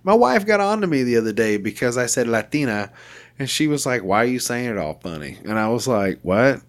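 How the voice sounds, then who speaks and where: A man hosting a casual podcast chat, easygoing and quick to laugh. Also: medium pitch. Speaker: podcast host.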